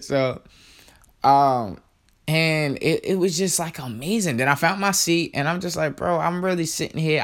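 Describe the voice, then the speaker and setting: A man's voice: a little high, fairly bright tone. A man casually telling a personal story on his podcast, in a slangy, laid-back way with lots of fillers.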